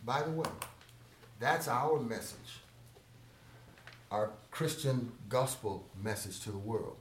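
A man's voice: medium pitch, expressive, echoey room, slight background noise. Man preaching with big dynamic swings. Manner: dynamic preaching, swells loud on key phrases and drops to a hush; slow, drawn-out emphasis on scripture words. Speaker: pastor. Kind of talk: sermon.

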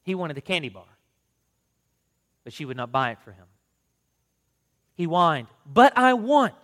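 A man, a pastor, reading scripture and praying in an earnest, measured way, then reading from a book. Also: mid-range voice, bright, forceful tone, long reverb tail. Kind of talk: sermon reading.

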